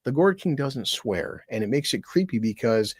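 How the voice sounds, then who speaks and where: A streamer chats loosely on his livestream, thanking fellow creators and rambling from one friend to the next. He speaks at an everyday middle pitch and normal speed, very animated, profane, and self-deprecating, laughing between remarks. The recording is dry, with almost no room sound.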